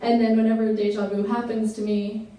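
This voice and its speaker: A woman's voice: fairly high pitch, level tone, fairly quick, warm tone. A young woman performing as a singer-songwriter, chatting to the crowd between songs in a rambling way full of "like" and laughs, heard on a small club stage through a stage mic. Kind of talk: between-song stage banter. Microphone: stage microphone. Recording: roomy live club sound from far off with band music.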